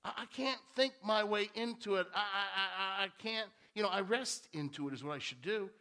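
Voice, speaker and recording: A man's voice: high-pitched, normal speed, bright, forceful tone. A male pastor preaching a sermon in a church, talking conversationally and repeating key phrases for emphasis.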